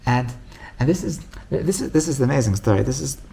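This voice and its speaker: Speaking fast, a male rabbi with a gravelly voice brings a Torah class to life through animated stories. Quoted figures get their own voices with large pitch swings, and his speech is full of restarts and repeated words.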